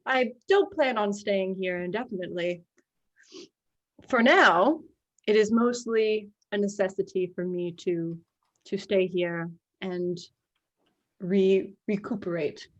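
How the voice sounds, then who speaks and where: A woman voicing a boastful male carnival master during tabletop role-play, with smooth, genteel speech. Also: medium pitch, slow pace, highs cut off, close to an everyday voice. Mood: smug, genteel.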